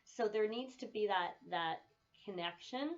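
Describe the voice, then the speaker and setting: A woman's voice: medium pitch, measured pace, highs cut off. A woman English teacher giving a casual video lecture. She often checks in with "right?" and laughs easily as she tells stories.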